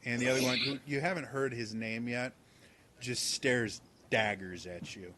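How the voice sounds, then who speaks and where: A man narrating a tabletop game as game master, relaxed and rambling. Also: medium pitch, moderate pace, a little hiss or hum.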